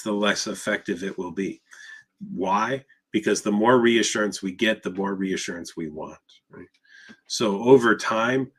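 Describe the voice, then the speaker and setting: Husky-voiced male therapist talking frankly. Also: fairly low pitch, fairly bright tone. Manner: emphatic, conversational, rhetorical questions. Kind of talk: live Q&A talk.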